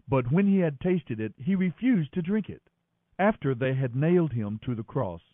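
Expressive male Bible reader, high voice. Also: no room sound. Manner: expressive, dramatic reading. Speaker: scripture reader. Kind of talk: daily Bible reading. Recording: thin phone-like sound, dry.

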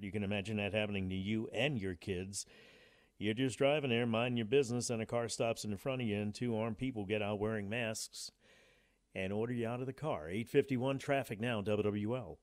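A man hosting a live talk radio show, interviewing a caller and reading station breaks in a brisk broadcast manner. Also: on the low side, no echo, clean studio sound. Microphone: studio microphone.

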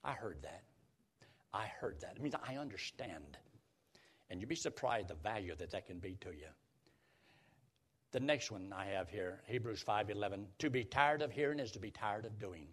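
An older man preaching a radio sermon, lively and emphatic, slowing down to quote scripture. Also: on the low side, slightly rough.

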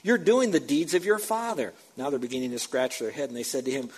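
A male pastor preaching an emphatic sermon, repeating words for stress and swinging between loud and soft. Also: medium pitch, fast talker, husky. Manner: emphatic, repeats for stress, rises and drops loudness.

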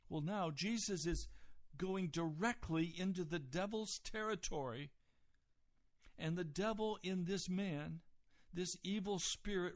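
A man preaching a sermon, explaining scripture deliberately and pausing on key words. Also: on the high side, no room sound, studio quality.

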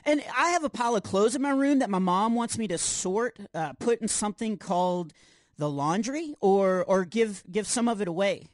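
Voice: mid-range voice, expressive, normal speed, no echo, natural voice. Adult playing a goofy, boastful boy hero for a kids' podcast, bouncy sing-song delivery, dry studio sound. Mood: cheerful. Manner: boastful, self-deprecating jokes. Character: goofy overconfident boy superhero. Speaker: co-host. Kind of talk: scripted kids' podcast comedy.

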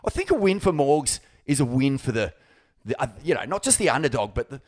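A man's voice: medium pitch, sing-song, fast, darkish tone. An Australian man co-hosting a casual sports chat, laid-back and sweary, mate-heavy banter. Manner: sweary, laid-back, swoops into mock voices. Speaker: co-host.

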